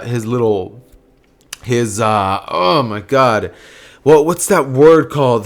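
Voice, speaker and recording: A man casually narrating a fan story, rambling with lots of fillers and restarts. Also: on the low side.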